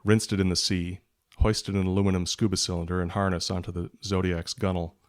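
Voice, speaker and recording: Man, low voice, monotone, author reading his own thriller aloud, steady pace. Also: brisk. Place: podcast recording.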